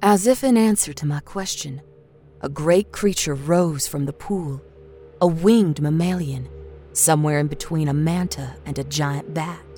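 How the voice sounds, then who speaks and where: A woman storyteller narrating a horror story in a steady, expressive reading. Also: deep voice, unhurried. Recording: narration over a faint music score.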